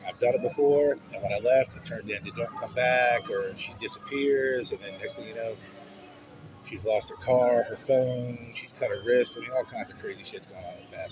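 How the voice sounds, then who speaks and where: Male vlogger, mid pitch, rambling and profane storyteller, muffled recording over music. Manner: rambling and profane, with frequent restarts. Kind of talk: casual personal storytelling. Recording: dull audio with music underneath.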